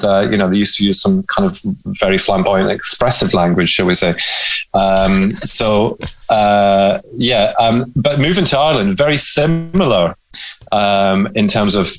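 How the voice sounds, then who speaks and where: A man co-hosting a podcast, reflecting in a measured, casual way. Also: on the low side, poor audio. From Scotland. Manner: reflective, measured, hedging with ums. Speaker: podcast co-host. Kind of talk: casual conversational chat.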